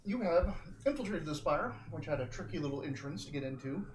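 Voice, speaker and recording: A man who runs the game as game master, talking in a relaxed and chatty way. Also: fairly high pitch, a little fast. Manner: relaxed, chatty, laughs easily. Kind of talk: casual chat and game narration. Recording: echoey room with background noise.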